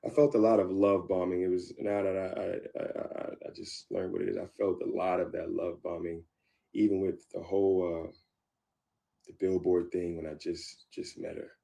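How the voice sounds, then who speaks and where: This man, a guest in a frank interview, has a low, relaxed voice with a dark, gravelly edge. Recounting an old relationship, he stops and starts, repeating words as he goes.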